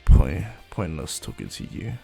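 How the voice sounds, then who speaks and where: A man's voice: a bass voice, sing-song, measured pace, creaky, warm tone, soft background music, voice pushed down, full character voice. A man voicing a bitter, scornful young ninja. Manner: mocking, bitter.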